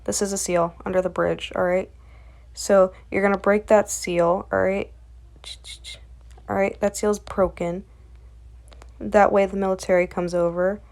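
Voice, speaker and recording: A woman's voice: medium pitch, little pitch movement, a little slow, vocal fry, pauses often, a little mellow. A woman recapping a webcomic in a rambling, chatty way, full of fillers. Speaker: comic recap creator. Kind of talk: casual comic recap.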